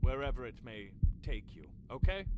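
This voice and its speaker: An actor playing a polite, formal admissions interviewer at a music school who turns a student down in measured words. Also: male voice, mid-range voice, sing-song, very noisy, lightly acted. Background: game music.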